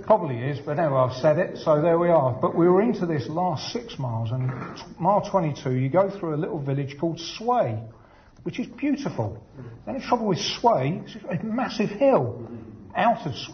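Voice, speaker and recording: An older man telling a chatty, self-deprecating personal story. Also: a little high. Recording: dull lo-fi recording.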